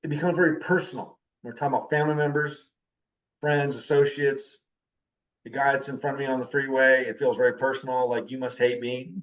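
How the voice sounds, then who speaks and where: A man in his fifties teaching a class, his talk intense. His voice sits at an ordinary pitch. It was recorded from a distance on a dull, lo-fi recording. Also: fairly quick. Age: 50s. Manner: intense, animated talker.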